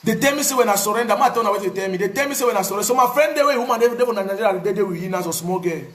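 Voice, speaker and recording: A man with a Cameroonian Pidgin English accent tells his own story in a casual, animated way, repeating words for emphasis. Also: sits high, racing, echoey room. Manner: animated, repetitive, pidgin phrasing. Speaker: activist.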